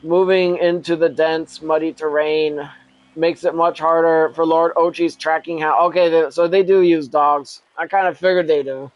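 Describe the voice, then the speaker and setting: A man's voice: on the high side, level tone, normal speed, no echo, dull audio. A man reading a story aloud with casual asides, often chuckling and stopping to correct himself.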